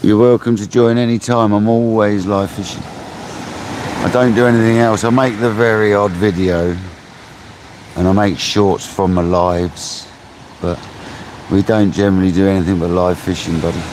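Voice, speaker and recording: With a low, steady voice at moderate pace, this fisherman keeps his live stream laid-back, laughing a lot and addressing people as mate. Ocean waves crash loudly on the outdoor mic.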